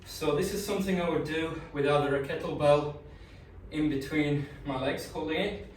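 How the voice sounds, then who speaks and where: A man's voice: on the high side, moderate pace, slight background noise. A man coaching a home leg workout, encouraging and casual, out of breath by the end. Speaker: fitness coach. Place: indoors at home. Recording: echoey room, mic at a distance.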